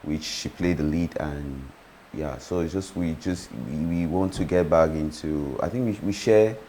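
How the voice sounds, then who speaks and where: A man's voice: very deep voice, unhurried, dark tone, slight background noise. A man talking as a guest in a casual interview, hesitant and often repeating his words. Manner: hesitant, repeats himself while thinking.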